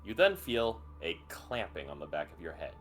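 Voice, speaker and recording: A man narrating a tabletop game as game master, vivid and expressive, with some swearing. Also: low-pitched, moderate pace, soft background music.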